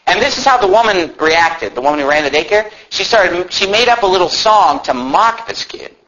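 A man's voice: high-pitched, animated, moderate pace, pushed and bright, slight background noise. A man preaching a sermon, telling a story in an earnest, conversational way, often restarting and adding asides. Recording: muffled lo-fi recording.

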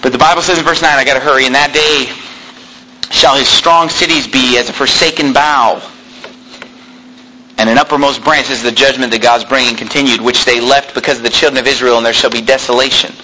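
A man's voice: mid-range voice, fairly even intonation, fairly quick, bright, forceful tone, a little hiss or hum, low-quality recording. A man preaching a fiery sermon in a church, combative and sarcastic, quizzing the congregation. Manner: combative, sarcastic, asks the congregation for shows of hands.

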